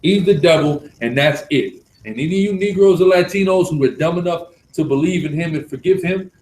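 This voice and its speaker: A man leading a live religious class, preaching forcefully and repeating points for emphasis. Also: a little high, a little fast, echoey room, poor audio.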